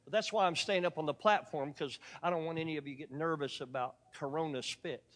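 A man delivers a sermon with a higher-than-usual voice, full of folksy asides and jokes to his congregation. His voice carries a long church reverb from the sanctuary around him. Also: brisk, fairly bright tone. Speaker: preacher. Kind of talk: sermon with storytelling.

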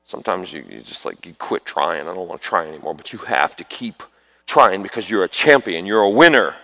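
Male preacher, gravelly, animated pitch; leads fervent altar prayers, calls families forward, loud bursts. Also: a little fast, dry recording. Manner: calls people forward, prays over them with sudden loud bursts. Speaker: preacher leading prayer ministry.

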